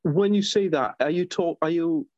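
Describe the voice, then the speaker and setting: A man's voice: on the high side, normal speed, a little mellow, no room sound, dull audio. A middle-aged man, a guest author in a podcast interview, telling stories eagerly with lots of restarts. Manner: enthusiastic, rambling storyteller with many restarts.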